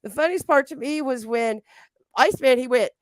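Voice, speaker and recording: High-voiced woman, casual co-host. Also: normal speed, no echo. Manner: laughs often, eager reactions. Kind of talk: casual livestream chat.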